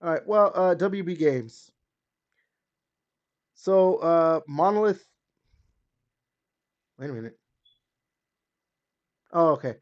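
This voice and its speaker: A man's voice: expressive, slow, long pauses. A man hosting a gaming podcast in casual chat, chatty and hedging with lots of fillers. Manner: chatty, hedging with fillers, rises and drops in pitch. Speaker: podcast host. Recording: slightly dull lo-fi sound.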